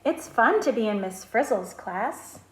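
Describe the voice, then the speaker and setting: A woman speech therapist reading picture books aloud to children, slow, clear and expressive. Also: fairly high pitch, noisy background. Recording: roomy echo.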